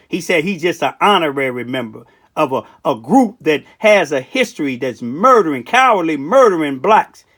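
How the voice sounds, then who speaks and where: Man, high and bright voice, heated live-stream rant, talks straight to viewers. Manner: impassioned, repetitive, addresses viewers as y'all. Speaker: local political commentator.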